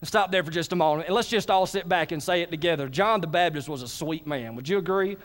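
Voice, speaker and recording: Lively preacher, high voice. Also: male voice, fast talker. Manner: lively, calls on the congregation to answer. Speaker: pastor. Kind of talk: sermon.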